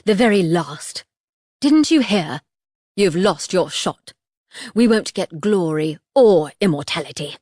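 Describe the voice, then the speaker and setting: A man's voice: high-pitched, expressive, slow pace, a little mellow, dry recording, studio quality, full character voice. A woman narrator voicing a tall, bullying male half-fairy who talks with harsh contempt and hisses his threats. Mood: contemptuous.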